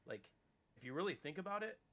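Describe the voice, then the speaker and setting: A man in his thirties co-hosting a podcast in casual chat, rambling and animated, with casual swearing. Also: on the high side, fast talker.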